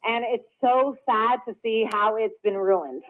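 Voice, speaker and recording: Thirties woman caller from Brooklyn, high voice, rambling and excitable, tinny phone line. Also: measured pace. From Brooklyn, New York. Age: 30s. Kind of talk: casual phone call.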